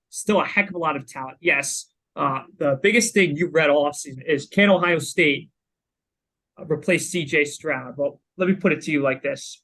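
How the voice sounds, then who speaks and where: A man's voice: fairly high pitch, a bit bright, rough recording. A man co-hosting a sports podcast, talking casually with lots of filler words. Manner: chatty, lots of "you know" fillers. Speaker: podcast co-host.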